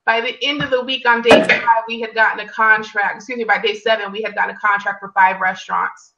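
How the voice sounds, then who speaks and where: A woman's voice: quick pace, heavy background noise. A woman telling a personal story in casual conversation, acting out quoted lines. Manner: animated storyteller, acts out quotes in higher pitch. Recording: distant mic, dull lo-fi sound.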